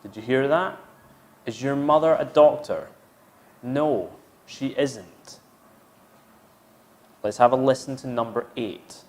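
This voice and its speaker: Male English teacher, unhurried, patiently repeats examples for learners. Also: mid-range voice, darkish tone. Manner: explains step by step, repeats each example sentence. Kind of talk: slow, patient grammar lesson.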